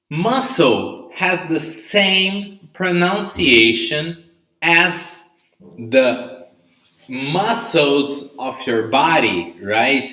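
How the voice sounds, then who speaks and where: A man's voice: mid-range voice, bright, forceful tone. A man teaching English vocabulary in a live online lesson, drilling pronunciation and checking in with "okay?" and "right?". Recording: roomy echo.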